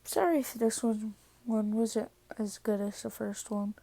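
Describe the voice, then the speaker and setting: A woman's voice: mid-range voice, steady tone, unhurried, vocal fry, warm tone, no echo. A tired woman casually retelling a fan story, rambling with "so" and "yeah" as she goes.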